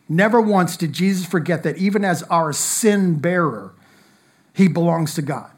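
A man preaching a sermon, reading scripture aloud in an earnest manner, with emphatic rises and soft drops. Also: on the high side, normal speed. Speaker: pastor.

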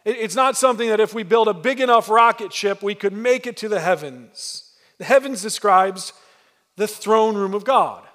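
Male pastor, higher voice, storytelling sermon, reverberant hall sound. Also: normal speed, fairly bright tone. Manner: storytelling, emphatic with repeated restarts.

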